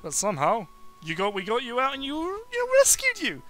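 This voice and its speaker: Man reading as a gentle caretaker in a fan rpg, courteous, formal, high bright voice. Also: expressive, brisk, exaggerated voice. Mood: explaining. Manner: courteous, formal, warmly reassuring. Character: kindly adult male caretaker, gentle and welcoming. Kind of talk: reading game dialogue aloud.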